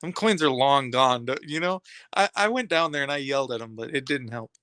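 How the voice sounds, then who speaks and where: A man's voice: medium pitch, fairly quick, pushed and bright, clean tone, no echo, studio quality. A man hosting a live stream, chatting casually and rambling to his viewers in streetwise slang.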